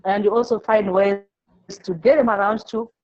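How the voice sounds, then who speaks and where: A woman teacher from Zimbabwe, answering an interview by telling classroom stories in a halting way, repeating words and acting out the pupils she quotes. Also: medium pitch, steady tone, a little mellow, highs cut off.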